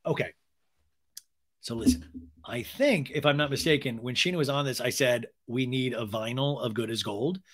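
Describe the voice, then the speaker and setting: A man's voice: mid-range voice, moderate pace. A man hosting a podcast, recapping reality TV in a casual, gossipy way, often swearing and acting out what people said. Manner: gossipy, animated, swears, acts out quotes. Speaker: podcast host.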